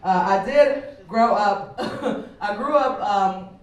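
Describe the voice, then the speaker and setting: Animated woman in an echoey club. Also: medium pitch, takes it slowly, a little hiss or hum. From Chicago. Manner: animated, swearing, conversational with many fillers. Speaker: stand-up comedian. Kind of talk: stand-up comedy set. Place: comedy club stage. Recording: echoey club from a distant mic.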